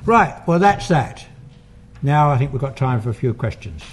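A man's voice: mid-range voice, sing-song, moderate pace, very noisy. An older man, a paranormal investigator, giving a public talk and taking audience questions, in a conversational, anecdotal way with asides and fillers.

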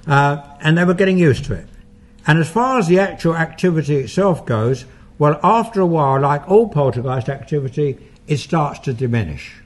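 An older male investigator speaks to an audience in a slightly raised register, his voice husky and a little rough at the edges. He tells his story at an easy pace and takes questions afterwards. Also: on the high side, animated. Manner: anecdotal, unhurried storyteller who acts out quoted dialogue. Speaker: paranormal investigator giving a talk.

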